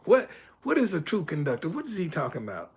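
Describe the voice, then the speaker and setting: Older male streamer, high-pitched, emphatic profane storyteller, lively swings. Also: quick pace, breathy edge. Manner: animated, loud retelling, drops low when reading chat. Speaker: live streamer. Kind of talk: casual live stream talk.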